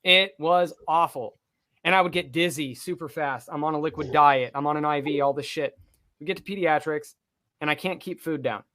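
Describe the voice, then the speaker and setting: Man with a slightly high voice telling a story. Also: moderate pace. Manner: profane, vivid, animated storytelling. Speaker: podcast co-host. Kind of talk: casual storytelling on a podcast.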